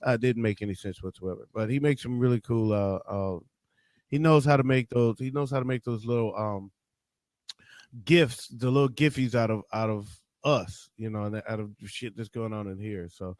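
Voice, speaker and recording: A man's voice: fairly low pitch, moderate pace, darkish tone, dry recording. A man from Detroit hosting a casual morning livestream, joking loosely, cursing freely and greeting viewers by name. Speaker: livestream host.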